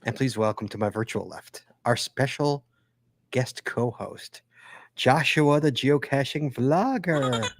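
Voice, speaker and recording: A man's voice: medium pitch, slow, no echo. Chatty man hosting a live podcast. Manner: chatty, joking, rambling. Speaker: podcast host. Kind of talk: casual live podcast chat.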